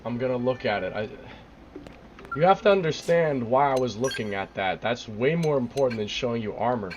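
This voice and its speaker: A man's voice: medium pitch, animated, a little fast, a little hiss or hum. A young man streaming a game live, baffled and swearing, repeating himself, his voice cracking and cutting out.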